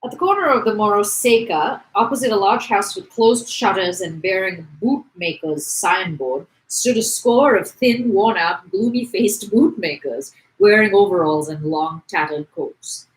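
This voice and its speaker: A woman co-hosting a podcast, reading a novel aloud and shouting out the quoted lines. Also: medium pitch, a little slow, hardly any pauses, echoey room, poor audio. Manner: lively, loud shouts for dialogue. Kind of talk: casual read-aloud podcast.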